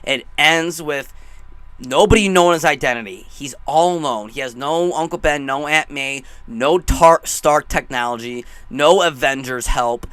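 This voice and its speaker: A young man giving an excited, rambling movie review, gushing and emotional as he talks. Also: on the high side, measured pace, clear, resonant tone, no echo.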